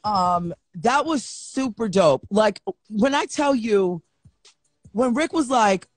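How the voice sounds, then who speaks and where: A woman hosting a live show, telling stories with animated energy and acting out back-and-forth exchanges. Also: medium pitch, slow pace, over music. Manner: animated storyteller who acts out exchanges. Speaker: host of a live online show. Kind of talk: casual live-stream chat. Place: at home.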